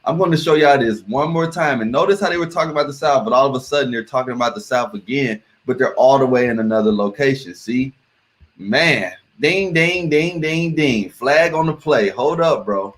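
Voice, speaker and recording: A man's voice: mid-range voice, fairly quick. A man hosting a reaction video, talking casually and emphatically to his viewers and repeating words for stress. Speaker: reaction channel host.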